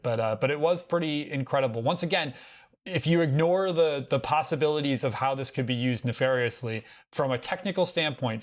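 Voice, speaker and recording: Animated American man co-hosting a podcast. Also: medium pitch. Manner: animated storytelling with frequent restarts. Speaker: podcast co-host. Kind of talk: casual tech podcast chat.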